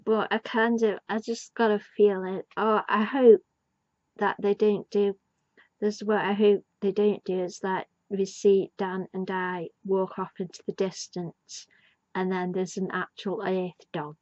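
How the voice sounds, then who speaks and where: Woman rambling about a tv episode, slow and chatty, dull dry sound. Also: medium pitch, level tone, darkish tone, dry recording. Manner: rambling, enthusiastic, many fillers. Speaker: TV show reviewer. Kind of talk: casual fan review.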